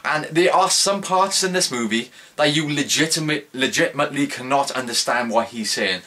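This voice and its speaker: A man's voice: medium pitch, normal speed, pushed and bright. A young man giving a casual spoken movie review, rambling, with lots of filler words and restarts.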